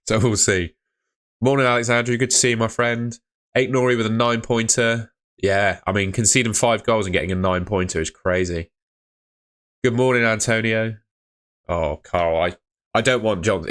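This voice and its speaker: A man's voice: low voice, fairly bright tone. A young man casually chatting on a live stream, reading out viewer messages in a laid-back way. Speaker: fantasy football streamer.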